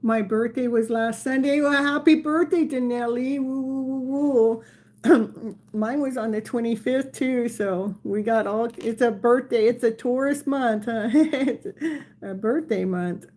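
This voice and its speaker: A woman in her sixties runs a live tarot stream, reading viewer comments, chatting casually, laughing often, and using playful baby talk with her dog. Her voice is fairly high-pitched and dark in tone, with a measured pace.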